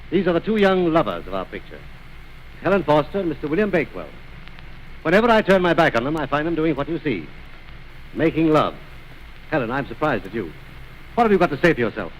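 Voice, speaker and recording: A man's voice: on the high side, slight background noise, low-quality recording. A man presenting a film trailer in a formal, courteous, theatrical 1920s manner.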